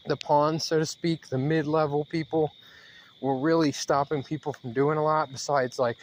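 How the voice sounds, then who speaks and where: Walking briskly outside, a higher-pitched man rants to the camera for his vlog, a bit winded and rambling with lots of fillers. He sounds worked-up and halting, with faint crickets and slight background noise behind him.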